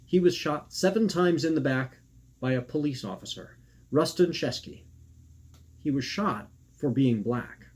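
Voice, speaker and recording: A man reading his own personal essay aloud in an earnest, measured way, posing rhetorical questions. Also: mid-range voice, lively intonation, slightly rough.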